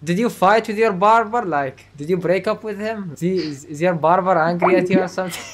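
A man's voice: sits high, fairly quick, heavy background noise. A man prank-roasting random strangers over video chat, teasing them and laughing often.

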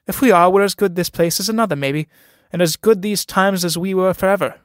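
A man's voice: on the high side, fairly even intonation, brisk, clean tone, no room sound, clean studio sound, natural voice. A man reading a play aloud, voicing a timid, awkward young farmer who speaks uneasily and hesitantly.

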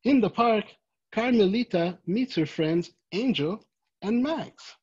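A volunteer reading a children's picture book aloud, gently and expressively, lifting the voice for quoted greetings, on a dull lo-fi home recording. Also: medium pitch, animated, slow, husky. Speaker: volunteer story reader.

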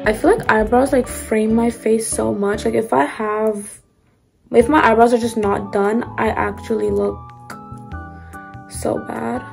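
A woman's voice: a little high, steady tone, measured pace, vocal fry, a little mellow, faint music behind. A young woman vlogging her makeup routine in casual, filler-heavy chat. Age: young adult. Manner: chatty, filler-heavy, upbeat. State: slightly losing her voice. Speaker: beauty vlogger. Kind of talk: casual get-ready-with-me chat.

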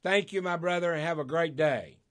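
An older Southern-accented man hosts a call-in radio show as a preacher, his voice sitting a touch high for a man. He is folksy and emotional, laughing often and drawing words out for emphasis. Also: a little fast, a bit bright. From Arkansas, USA. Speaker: radio show host and pastor.

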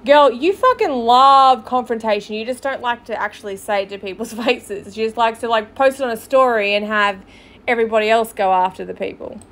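A woman's voice: a little high, a little fast, a bit bright. Blunt, sarcastic woman podcast host. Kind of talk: commentary reacting to clips.

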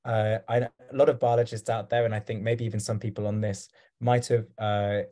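Mellow-voiced man, rambling with fillers. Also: lowish voice, level tone, brisk. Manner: rambling, hesitant, with many fillers. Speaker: guest speaker. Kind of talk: talk given over video call. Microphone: video call.

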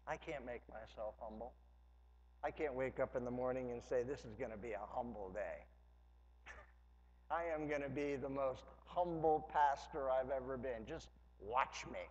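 A man's voice: mid-range voice, measured pace, darkish tone. A man preaching a sermon as pastor, conversational with humorous asides, rising to emphatic preaching. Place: church sanctuary. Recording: dull lo-fi church hall recording with long reverb.

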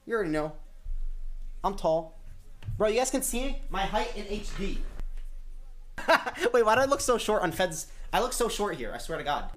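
A young man streaming, telling stories in a casual, animated way and swearing heavily. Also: high-pitched. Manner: profane, animated, heavy swearing.

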